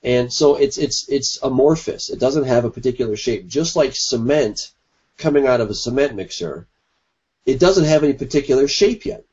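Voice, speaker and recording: A man's voice: medium pitch, expressive, moderate pace, a little mellow, husky. A man presenting his side in a debate, explaining in a teacherly way with everyday examples. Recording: dull lo-fi recording.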